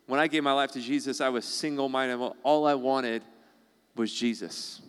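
Male pastor, casual sermon delivery, smooth voice, long hall reverb. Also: mid-range voice, steady tone, normal speed, fairly bright tone. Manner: conversational, acts out quoted voices.

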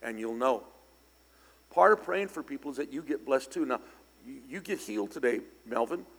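An older man preaching a storytelling sermon, speaking conversationally with sudden loud, emphatic bursts. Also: medium pitch, expressive, moderate pace, husky. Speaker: pastor. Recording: long church hall reverb.

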